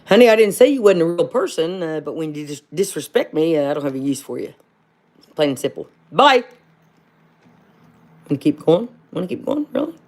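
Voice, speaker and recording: A woman from hosting a casual livestream and answering viewer comments. She speaks bluntly, fills pauses with "uh", and calls everyone "honey". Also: deep voice, big pitch swings, a little mellow. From southern Ohio. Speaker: livestream host.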